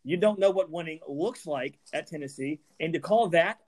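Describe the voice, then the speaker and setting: A man's voice: fairly high pitch, normal speed, a little mellow. A man, co-hosting a podcast and delivering a heated, emphatic sports rant full of stammered restarts. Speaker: podcast co-host.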